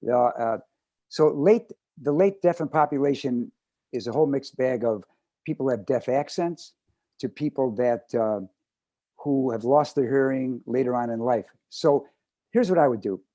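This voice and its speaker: A man answering a panel question earnestly and deliberately, with some hesitations. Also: mid-range voice, dark tone, no echo, lo-fi sound. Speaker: actor panelist.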